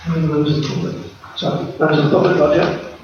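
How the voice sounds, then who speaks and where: A man's voice: a little high, steady tone. A man with a somewhat raised voice chairs a council meeting, quizzing speakers and moving the agenda along. He is far off the microphone in a reverberant room, and the sound is muffled with a faint hiss. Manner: brisk, questioning, with stumbling restarts. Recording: echoey room, far from the mic, dull sound, faint noise.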